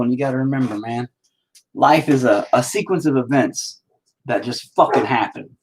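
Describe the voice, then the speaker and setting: A painter streams himself at work, with a mid-range, slightly breathy voice at normal speed. He rambles to himself and swears nonstop in casual, self-critical commentary.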